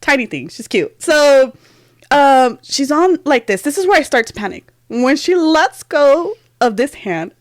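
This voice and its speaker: A woman's voice: sits high, sing-song, measured pace, dry recording, studio quality. A woman in her thirties, co-hosting a podcast, telling a story in casual chat and laughing often. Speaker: podcast co-host.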